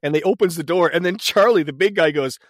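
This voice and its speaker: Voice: mid-range voice, fast talker, no echo. A podcast co-host retelling a movie scene by scene in casual chat. They laugh constantly and swear freely.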